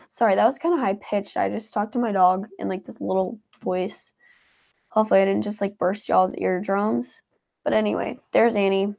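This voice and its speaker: A woman's voice: medium pitch, steady tone, normal speed, gravelly, a little mellow. A woman, chatting casually as a co-host and reading out viewer comments, her talk full of "like" and "um". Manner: chatty, heavy on filler words like "like" and "um". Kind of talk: casual live chat.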